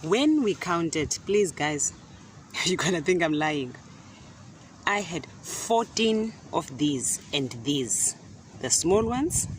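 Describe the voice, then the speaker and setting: A middle-aged woman telling a casual story in an animated way, often repeating words and laughing. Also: low voice, slight background noise. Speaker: gardening vlogger. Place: outdoor garden.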